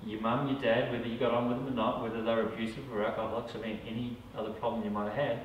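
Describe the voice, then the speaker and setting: Recorded from a distance in an echoey room, this Australian man is a psychic medium talking conversationally to a small group. His mid-range voice is level and rapid-fire, he keeps asking "all right?", and the lo-fi audio carries slight background noise.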